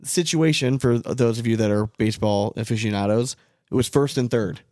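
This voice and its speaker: A man in his thirties chats casually as a podcast co-host, telling a story in a loose, rambling way with "like" in every other phrase. His voice sits at an average pitch, recorded close and dry with no room sound. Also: normal speed, a little mellow, no echo. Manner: rambling storyteller, heavy use of "like". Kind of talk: casual chat.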